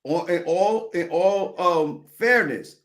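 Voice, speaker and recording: A man's voice: high voice, slow. A man giving football analysis in a casual sports talk, thoughtful and hesitant. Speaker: guest sports commentator.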